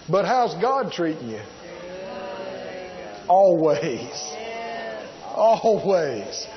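Male preacher, sermon, slow deliberate delivery, high lively voice, slightly muffled recording. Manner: emphatic, repeats key words, drawn-out stresses; asks the congregation rhetorical questions.

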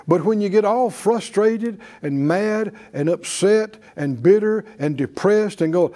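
A man's voice: high voice, lively intonation, unhurried, hardly any pauses, mellow. A man preaching a sermon, leading the congregation in call-and-response.

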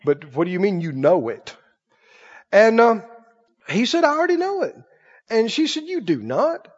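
A man's voice: high voice, sing-song, measured pace. A man preaching a sermon to a congregation, telling folksy stories and often asking them "Right?". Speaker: pastor. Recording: dull lo-fi church recording with long reverb.

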